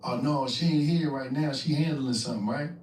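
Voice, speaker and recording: A man, a guest in an interview, telling stories from his past in a casual, animated way, acting out the voices of the people in them, with heavy slang and profanity. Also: mid-range voice, brisk, slight background noise. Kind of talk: casual storytelling. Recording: echoey room, distant from mic.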